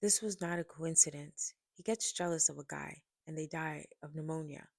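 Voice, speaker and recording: A woman reading a first-person memoir aloud, turning dramatic and louder in the quoted scenes. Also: sits low, moderate pace, creaky, dry recording. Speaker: audiobook reader.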